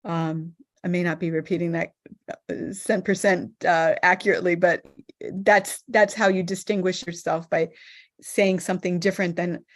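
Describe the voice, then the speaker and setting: A woman moderating an online scripture study discussion, speaking thoughtfully with frequent pauses and fillers. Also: fairly low pitch, fairly even intonation. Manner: thoughtful, hesitant, many fillers.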